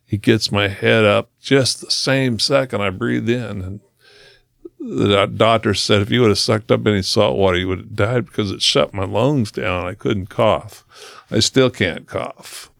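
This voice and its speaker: A man with a low, gravelly voice tells his own story as a guest in a conversation. He speaks earnestly and slows down to stress key moments. The sound is dry and close, with no room echo. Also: a bit bright. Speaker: podcast guest, motivational speaker.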